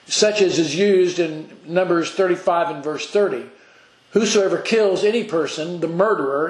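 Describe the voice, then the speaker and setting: A man giving a sermon, earnest and halting, often restarting his words as he reads scripture aloud and explains it. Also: fairly high pitch, darkish tone. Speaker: preacher. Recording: echoey room.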